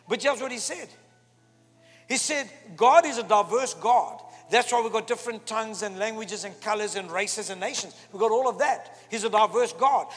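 Husky high-voiced preacher in a reverberant hall. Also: male voice. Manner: emphatic, animated preaching with quoted asides. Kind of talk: sermon. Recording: long hall reverb with faint music.

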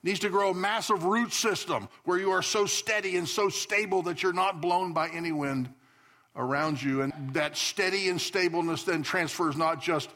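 A male pastor preaching a sermon, swinging between loud emphatic declarations and soft asides. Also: high-pitched, moderate pace. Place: church sanctuary.

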